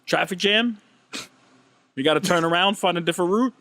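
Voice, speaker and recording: A man's voice: sits high, brisk, bright, forceful tone, no echo. A man co-hosting a casual podcast chat who rambles and argues playfully with his friends. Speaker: podcast co-host.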